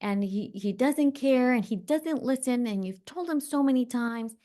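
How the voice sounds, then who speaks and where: A woman voicing an angry, ragged teenage girl, her own younger self, who rants rapidly and indignantly. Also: on the high side, lively intonation, dark tone, voice pushed up, close to an everyday voice.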